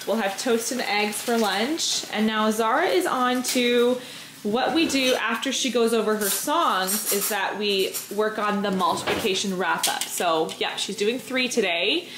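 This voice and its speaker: A woman's voice: a little high, noisy background. A woman vlogging casually at home, chatting and explaining what she is doing as she goes. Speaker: homeschooling mom vlogger. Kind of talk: casual day-in-the-life vlog narration. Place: home kitchen. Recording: echoey room.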